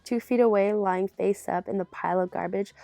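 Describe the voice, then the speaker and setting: Gravelly woman reading a memoir aloud. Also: mid-range voice, fairly quick, no room sound. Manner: steady narration with a casual aside. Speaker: reader of a memoir.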